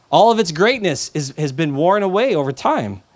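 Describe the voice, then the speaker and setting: A man preaching as a pastor, his voice sitting a little high for a man. He delivers the sermon conversationally, with animated asides and stories. The sound is dry, with no room echo. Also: unhurried.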